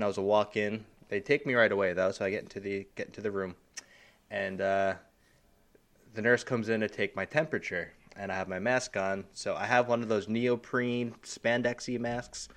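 Animated man telling a story. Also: on the low side. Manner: animated anecdote-telling with quick acted quotes. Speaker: podcast co-host. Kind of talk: casual chat, storytelling.

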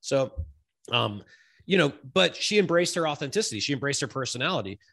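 A man's voice: mid-range voice, expressive, fairly quick, creaky, sharp tone. Guy hosting a chill podcast, chatty, laughs a lot, says dude and like. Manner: chatty, laughs easily, uses slang. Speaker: host. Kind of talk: casual podcast interview.

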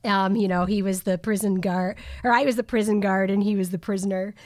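A woman in her forties co-hosting a casual podcast chat, animated and quick to laugh, often trailing off and restarting her sentences. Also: medium pitch, no room sound, studio quality. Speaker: podcast co-host.

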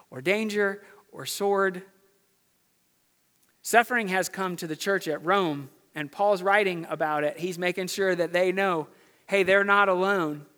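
Man pastor preaching, high pitch, emphatic repeated phrases, long hall reverb. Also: fairly bright tone. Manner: emphatic rhetorical repetition. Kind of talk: sermon. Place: church sanctuary.

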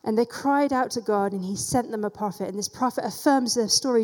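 A woman's voice: a little high, fairly quick, hardly any pauses, a little mellow, in a large hall. A woman giving a sermon as a church teacher, retelling scripture in a conversational way with casual asides.

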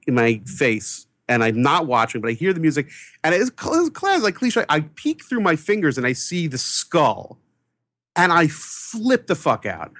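An excitable man from New York, a movie critic, tells a story on a podcast. His voice sits a little high and swings widely in pitch, and the sound is close and dry, with no room echo. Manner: excitable, acts out quoted voices with big pitch jumps. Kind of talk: animated anecdotal storytelling.

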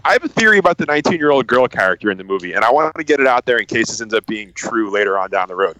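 A man in casual podcast chat, ranting in an excited, animated way about a movie he disliked. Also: on the low side, rapid-fire, slight background noise, low-quality recording.

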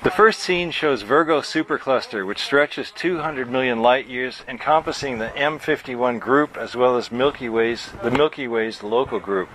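A man reading his own novel aloud at a bookstore event, in a measured storytelling voice. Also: medium pitch, fairly bright tone, a little hiss or hum, low-quality recording.

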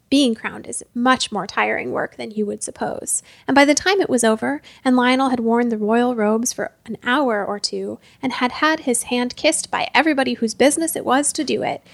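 A woman reads a storybook aloud with gentle, measured pacing. Her voice is fairly high, and the recording is dry with no room echo. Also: gravelly.

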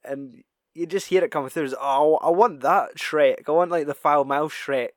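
A man's voice: on the high side, normal speed, dry recording, clean studio sound. A young man in casual chat, swearing often, laughing and acting out film quotes.

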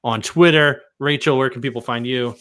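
A man's voice: mid-range voice, fairly even intonation, normal speed, fairly bright tone. A man hosting a casual podcast chat, joking and bantering with friends. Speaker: podcast host.

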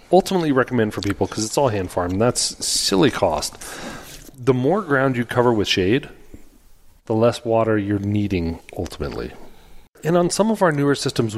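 Practical man with lively pitch. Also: long reverb tail. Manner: practical, explanatory, enthusiastic. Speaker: vineyard manager. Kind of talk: casual podcast conversation.

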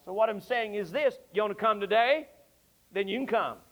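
A man's voice: high-pitched, normal speed, highs cut off. A male pastor preaching a fervent, emphatic sermon. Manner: fervent, emphatic, repetitive exhortation.

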